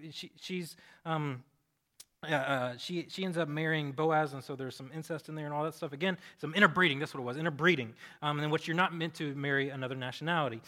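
A man's voice: on the high side, bright, forceful tone. A man pastor giving a conversational sermon, telling stories animatedly with frequent restarts.

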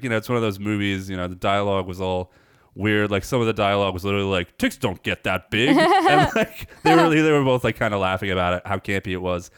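A man's voice: fairly low pitch, clear, resonant tone, no echo, clean studio sound. A man co-hosting a horror movie podcast, chatting casually, rambling and swearing freely as he loses his train of thought. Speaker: podcast co-host. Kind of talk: casual movie-review chat.

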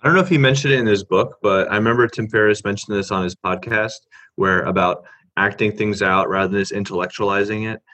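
A man talking as an interview guest, relaxed and drifting off on tangents with frequent "you know"s. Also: on the low side, fast. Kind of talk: casual interview chat. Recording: muffled, lo-fi sound.

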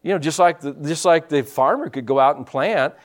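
A male pastor preaches a sermon conversationally, his voice fairly high and a little fast. He drops in frequent amens and moves between quiet asides and louder, emphatic points.

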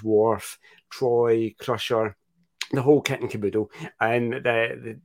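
A man's voice: medium pitch, darkish tone. A man in his forties hosting a casual discussion podcast, chatty and enthusiastic, with a few filler words. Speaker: podcast host.

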